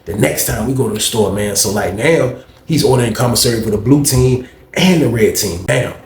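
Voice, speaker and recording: A young man with a mid-range voice tells a rambling, slangy story at a slightly fast clip, keeping things casual. He often throws in "man" and "you know what I mean." The recording has a roomy echo and faint background noise.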